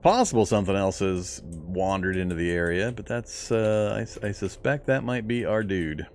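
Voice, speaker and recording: A man's voice: lowish voice, moderate pace, a little mellow, a little hiss or hum. A man talking to himself while playing a game, chatty and laughing often as he comments. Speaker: gameplay commentator. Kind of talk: casual let's-play commentary.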